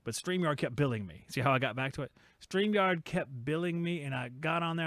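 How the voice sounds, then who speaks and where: A man's voice: on the high side, animated, brisk, a bit bright, no echo. A man hosting a casual livestream podcast, jokey and rambling with self-mocking asides. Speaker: podcast host.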